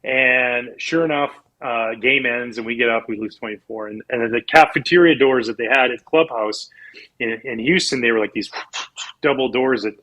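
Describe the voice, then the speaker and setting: Brief: a husky former pitcher from Canada, mid-pitched, spinning loose, lively anecdotes. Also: male voice, moderate pace, low-quality recording. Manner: animated, rambling with restarts and laughs. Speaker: former pro pitcher, guest. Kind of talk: casual storytelling in an interview.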